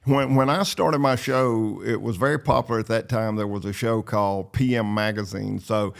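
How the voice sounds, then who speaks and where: An older man with a North Carolina Southern accent talks in a low, gravelly voice. He tells stories in a loose, rambling drawl with plenty of "uh" pauses and dry, self-deprecating humor. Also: steady tone. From North Carolina, USA. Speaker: show host and former pro bass angler. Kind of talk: casual storytelling chat.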